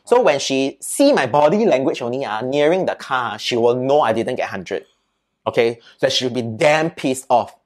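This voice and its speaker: A man with a Singaporean accent, a podcast guest, telling childhood stories in a lively, chatty way and often adding "right?" and "lah". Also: medium pitch, normal speed. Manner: animated storyteller, peppers speech with "right?" and "lah". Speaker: interview guest. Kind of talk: casual storytelling in an interview.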